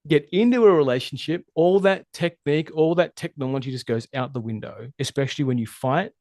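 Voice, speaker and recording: A man with a gravelly, raspy edge and a fairly high pitch for a man talks in a casual podcast interview, sounding like a relationship coach. He is animated and emphatic and swears freely. The recording is close and dry, with no room sound. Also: fairly quick, dry recording.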